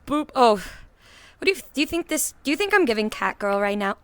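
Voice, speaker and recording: A young woman livestreaming in casual chat, excitable and giggly, swearing and shrieking often. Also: fairly high pitch, normal speed, very noisy. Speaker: VTuber streamer.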